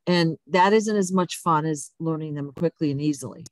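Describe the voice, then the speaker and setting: A woman's voice: low voice, dry recording. A woman hosting a casual spiritual interview, supportive and affirming her guest often. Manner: supportive, frequent affirming backchannels. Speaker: host.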